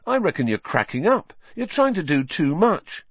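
A man's voice: a little high, very animated, moderate pace, slightly rough, no room sound, dull audio, voice pushed up, full character voice. A male narrator voicing a blunt, wary teenage schoolboy who mutters his remarks.

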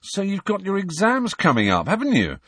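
A man's voice: high voice, huge pitch swings, moderate pace, a bit bright, slightly rough, no room sound, voice pushed up, heavily acted. A man voicing Fred, a cheeky teenage prankster who teases in a mock-grand way. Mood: gloating.

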